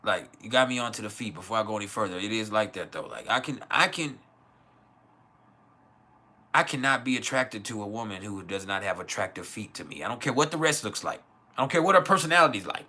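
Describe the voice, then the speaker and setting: A man's voice: on the low side, expressive, a little fast, sharp tone. Blunt, foul-mouthed man. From West Texas, US. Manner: blunt, profane, joking, answers chat. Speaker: livestream host. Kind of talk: casual livestream rant.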